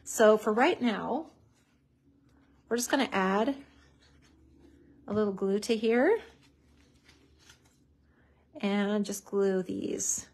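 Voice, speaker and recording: Extremely slow and full of long pauses, a woman's slightly rough, mid-range voice guides a casual crafting tutorial. She chats enthusiastically while gluing and layering papers, saying "so cute" a lot.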